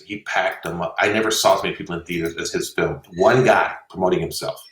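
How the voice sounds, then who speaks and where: A low-voiced man telling stories and giving advice in a blunt, animated, jokey way. His voice sits back from the mic in an echoey room. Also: fast, far from the mic. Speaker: film festival co-founder, guest. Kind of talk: casual interview storytelling.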